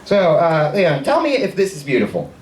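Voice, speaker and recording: A man's voice: fairly high pitch, wildly swooping pitch, normal speed, roomy sound, distant mic, some chatter behind, poor audio. A man performing a stand-up comedy set, telling stories and acting out the people in them. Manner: storytelling, acts out people's voices. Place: comedy showcase stage with audience. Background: audience laughter.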